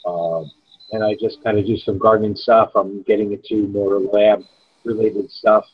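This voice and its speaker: Husky laid-back man, lo-fi audio. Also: lowish voice, level tone, measured pace. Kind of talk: casual podcast chat.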